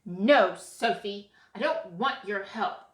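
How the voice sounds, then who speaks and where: Woman voicing a boastful, hot-tempered storybook boy, loud, echoey room. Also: mid-range voice, slow pace. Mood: angry. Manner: loud, snapping. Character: boastful angry boy pirate.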